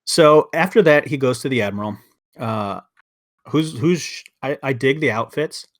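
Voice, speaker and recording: A man's voice: medium pitch, lively intonation, unhurried. A man co-hosting a podcast in casual chat, rambling and getting heated, with frequent restarts. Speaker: podcast co-host.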